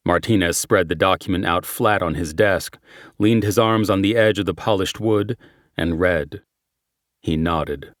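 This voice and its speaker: Low-voiced male audiobook narrator. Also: no room sound, clean studio sound. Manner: measured, steady reading. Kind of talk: scripted narration.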